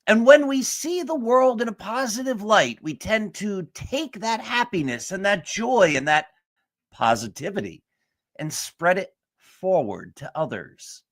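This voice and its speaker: A man's voice: high-pitched, lively intonation, a little slow. A man hosting a sports talk show, speaking in an earnest, emphatic way. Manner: earnest, emphatic motivational delivery. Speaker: show host.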